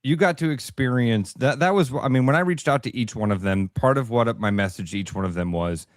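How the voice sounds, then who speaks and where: A man's voice: medium pitch, fairly quick, no echo, clean studio sound. A man co-hosting a radio show in casual chat, emotional and rambling, often restarting his sentences. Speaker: radio co-host. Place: radio studio.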